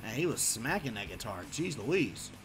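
A man's voice: medium pitch, very animated, moderate pace, over music. A man chatting casually as he reacts to a concert video, wondering aloud and easily impressed.

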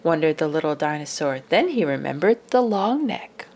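Storybook reader, woman, low-pitched and expressive, faint hiss behind. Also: normal speed. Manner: expressive, drops to whispers for suspense. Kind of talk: children's book read-aloud.

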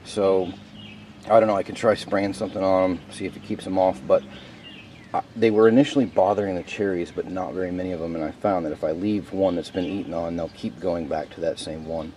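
A man's voice: deep voice, fairly even intonation, brisk, warm tone, a little hiss or hum. A man giving a casual, rambling vlog tour of his garden plants outdoors, swearing offhandedly now and then. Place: outdoors by a garden in front of a house.

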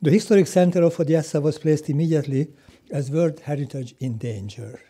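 Older man, formal opening speech, measured reading pace, very dark timbre, husky. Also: fairly high pitch. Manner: measured, read-from-notes delivery with brief self-corrections. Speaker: president of the national UNESCO commission, giving a welcome speech.

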